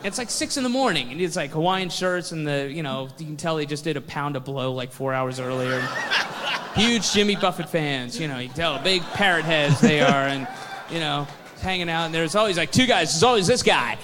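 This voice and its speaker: A male stand-up comedian rants with plenty of swearing, chuckling through his own jokes. His voice sits high and bright, and a long reverb hangs on it from the performance hall. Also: animated, fairly quick. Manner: profane ranting with laughs. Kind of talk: stand-up routine.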